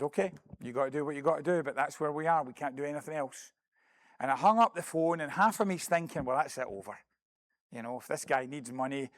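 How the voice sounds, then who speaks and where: A man's voice: a little high, dry recording. A middle-aged man giving a mission report to a congregation, telling a story and acting out phone calls with earnest, self-deprecating asides. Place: church building.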